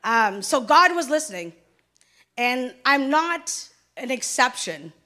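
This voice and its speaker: Bright-voiced woman giving church testimony. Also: high-pitched, big pitch swings, slow. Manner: conversational, acts out dialogue, emphatic. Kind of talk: personal testimony.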